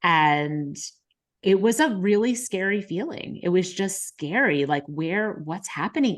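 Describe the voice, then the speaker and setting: A podcast host in her thirties, a woman with a mid-range, animated voice and a slow pace, frankly retells a personal story in casual conversation. The retelling is emotional and full of fillers like "like" and "um".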